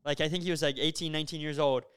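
Young man, high voice, smooth and crisp tone, animated storyteller, casual podcast chat, lots of fillers. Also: racing. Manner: animated, filler-heavy storytelling with frequent "bro" and "like". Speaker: podcast host.

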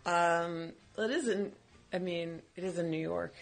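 A woman's voice: fairly low pitch, steady tone, measured pace, gravelly, soft background music. A woman guest in a studio, teasing and playing along in casual chat. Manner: teasing, amused, plays along. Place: radio studio.

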